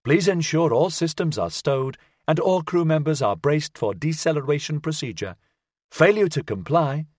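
A man's voice: on the high side, normal speed, no room sound, clean studio sound, voice pushed up. Man doing a female ship computer alarm. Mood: urgent. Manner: flat announcement tone.

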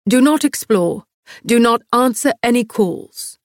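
A woman's voice: fairly high pitch, expressive, a little slow, dry recording, clean studio sound. A woman voicing a firm young male leader giving orders. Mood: commanding. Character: commanding young male leader, steady and protective.

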